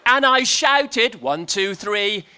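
A man preaching to a crowd in an animated, playful storytelling style, leading the crowd in shouting. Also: high voice, takes it slowly, noisy background. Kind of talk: lively storytelling sermon to a crowd.

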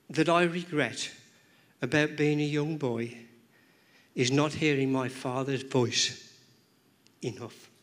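A male preacher delivering a sermon in a church, his voice sitting a touch higher than most men's. He talks in rhythmic, emphatic runs, circling back over words and phrases to drive each point home.

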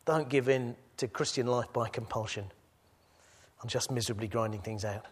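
Man, preacher, sermon, mid-pitched voice, quiet reflection turning to loud exhortation. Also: fairly even intonation, normal speed, breathy edge. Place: church gathering.

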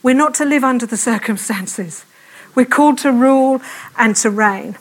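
A woman preaching a fervent sermon in church, speaking quickly and repeating her calls to prayer. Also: a little high.

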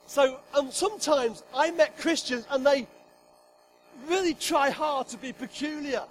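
A man's voice: very high voice, measured pace, faint music behind, rough recording. A middle-aged man preaching a sermon to a congregation, joking with them and acting out God's voice with emphasis. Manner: humorous, emphatic, acts out God's voice. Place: church hall with congregation.

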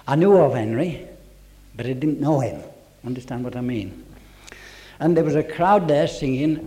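A man telling his church testimony to a congregation, earnest, dropping to a hush for quoted voices. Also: mid-range voice.

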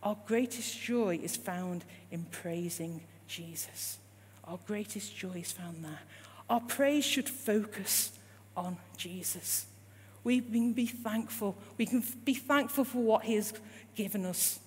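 A woman's voice: mid-range voice, slow. A woman preaching a sermon in a church, repeating her points and asking the congregation rising questions. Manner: rising rhetorical questions, emphatic repetition. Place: church hall. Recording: long hall reverb with faint hum.

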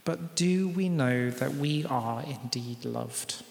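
A man's voice: mid-range voice, takes it slowly, gravelly. A British man preaching a sermon to his congregation, in a conversational style with asides to the people in the room. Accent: British English. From Britain. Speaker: pastor. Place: large church hall. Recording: echoey church hall with long reverb.

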